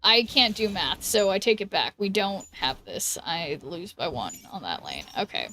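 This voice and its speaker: With a medium-pitched, fairly bright voice and no echo, an American woman talks casually as she plays a game on stream. She giggles and trails off with ums now and then. The close, dry mic picks up faint music behind her.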